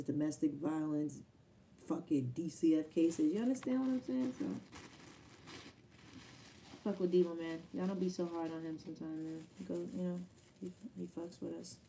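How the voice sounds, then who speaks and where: A woman's voice: deep voice, warm tone, far from the mic, slight background noise. A young woman, a battle rapper telling stories in a loose, profane, casual way. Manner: loose, profane storytelling with quoted asides. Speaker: battle rapper answering fan questions. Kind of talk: casual Q&A chat.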